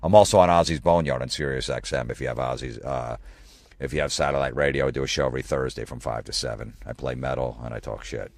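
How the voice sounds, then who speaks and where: On a comedy podcast, a low-voiced, creaky man rants in an exasperated, profane monologue, mocking the people he complains about with quick impressions. His intonation is fairly even. The sound is dry and close-miked with no echo.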